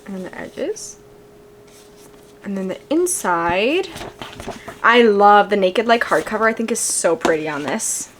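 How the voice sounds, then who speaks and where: A young woman vlogging casually at home, chatty and rambling with lots of filler "likes", gushing excitedly. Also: medium pitch, unhurried, long pauses, slight background noise. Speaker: book vlogger. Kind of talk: casual book haul vlog.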